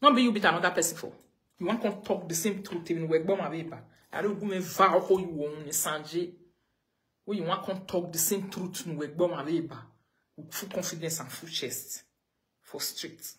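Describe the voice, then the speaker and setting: A woman with a Nigerian accent, ranting on a live video and scolding someone with the same pointed questions again and again. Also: lowish voice. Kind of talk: confrontational live rant.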